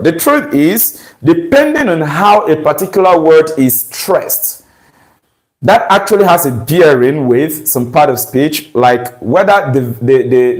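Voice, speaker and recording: A man with a fairly high-pitched voice teaches English grammar over poor-quality audio. Deliberately and slowly, he steps through exam questions, using rhetorical questions as checks.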